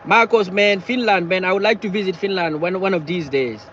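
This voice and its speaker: A man chatting casually on a live stream from his car, talking in halting bursts and repeating himself as he answers viewers. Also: sits high, fairly bright tone, highs cut off, slight background noise. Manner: halting, repeats words and phrases often. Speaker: livestreamer reading viewer chat. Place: in or beside a parked car.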